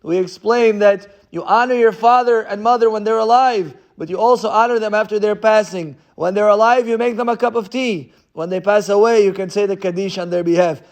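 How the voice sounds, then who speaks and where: A man's voice: high-pitched, brisk, hardly any pauses. A male rabbi giving a sermon, reading passages and translating each line into as he tells a story. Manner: reads Hebrew source then translates into English.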